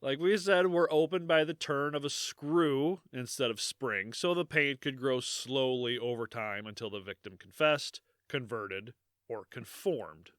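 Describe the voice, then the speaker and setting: A man co-hosting a podcast, telling a dark history in a joking, rambling way and laughing often. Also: medium pitch, a little slow, dry recording, studio quality. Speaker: podcast co-host. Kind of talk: casual podcast chat.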